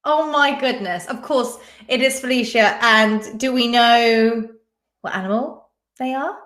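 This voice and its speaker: A woman's voice: a little high, a little slow, fairly bright tone. A woman hosting a live-stream quiz, chatting casually and reading out viewers' names and answers. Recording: echoey room.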